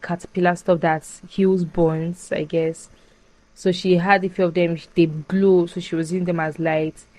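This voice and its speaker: A young woman casually retelling a film plot as a podcast host, animated and full of fillers. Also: fairly low pitch, poor audio. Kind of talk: casual chat.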